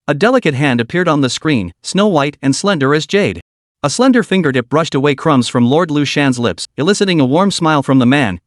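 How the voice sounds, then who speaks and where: A man reads a web novel aloud in scripted narration. His voice sits somewhat high for a man and is recorded dry and close. The reading stays even and steady. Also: no room sound.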